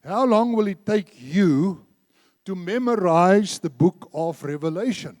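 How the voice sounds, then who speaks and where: A man's voice: sits high, animated, a little slow, darkish tone, dry recording. A man preaching a sermon in a church, emphatic, repeating phrases and leading the congregation in reciting scripture. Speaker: church speaker.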